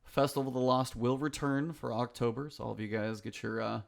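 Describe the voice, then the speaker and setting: A man hosting a casual gaming podcast, with a gravelly, creaky edge to his voice. He is chatty and excitable, and now and then acts out a player's quick reactions. His pitch sits right in the middle for a man. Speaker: podcast host. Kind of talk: casual chat.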